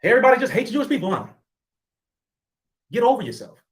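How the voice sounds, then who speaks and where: A man's voice: extremely high pitch, very animated, fast talker. Emphatic, sarcastic male commentator. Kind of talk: impassioned address to camera.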